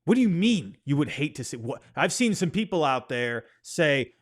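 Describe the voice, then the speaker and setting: A man on his own sports show rants in an exasperated, casual way, often stumbling over and repeating words. His voice sits a little high and swoops up and down constantly. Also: moderate pace. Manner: animated, exasperated, repeats himself, apologizes for ranting. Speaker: sports podcast host. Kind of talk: casual opinion rant.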